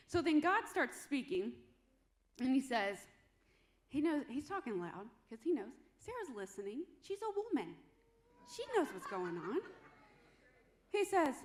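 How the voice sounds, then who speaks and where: A woman's voice: high-pitched, big pitch swings, moderate pace, long pauses. A woman preaching a sermon in a conversational, humorous storytelling way.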